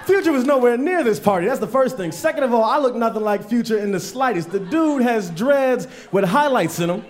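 A man performs stand-up comedy on stage with a fairly high voice. He tells long stories and jumps into loud, raised voices for the people in them. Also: lively intonation, brisk, a little hiss or hum. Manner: storytelling, acts out characters in raised voices. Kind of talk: stand-up set. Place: comedy stage with live audience.

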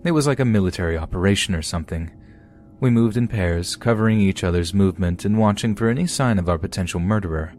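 A man hosting a podcast, reading listeners' true horror stories aloud in a steady storytelling way. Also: low-pitched, quick pace, soft background music. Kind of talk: scripted horror story narration.

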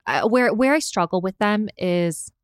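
A woman co-hosting a podcast, chatting casually and hedging, sometimes drawing her words out slowly. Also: medium pitch, clean tone, dry recording, studio quality. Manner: hedging, drawn-out phrases. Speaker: podcast co-host. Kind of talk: casual recap chat.

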